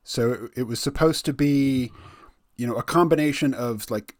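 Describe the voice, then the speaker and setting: A man's voice: medium pitch, moderate pace, no room sound. Conversational male host, easygoing interviewer, dry close-miked sound. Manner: chatty, with many "you know" fillers and frequent laughs. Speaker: podcast host.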